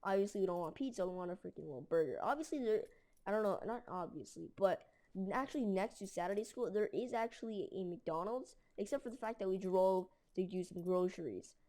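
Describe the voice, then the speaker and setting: A woman's voice: mid-range voice, lively intonation, brisk, mellow. A woman telling a story casually, rambling with lots of fillers and mild slang. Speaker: storytelling video creator.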